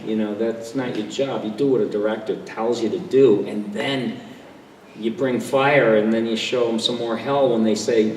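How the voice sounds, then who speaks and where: A man's voice: fairly low pitch, a little mellow. Older man, panel guest, chatty storyteller, heard from far off in a big echoing hall with faint room noise. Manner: chatty, self-deprecating, jumps into quick impressions. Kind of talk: relaxed storytelling to an audience. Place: convention hall. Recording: distant, echoey hall recording with faint crowd ambience.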